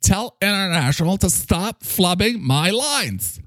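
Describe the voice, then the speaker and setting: A man's voice: high-pitched, sing-song, a bit bright, no echo, full character voice. A man voicing a pompous, bossy male playhouse leader in an improvised comedy bit, stretching his words out grandly. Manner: drawn-out, bossy, grandiose delivery.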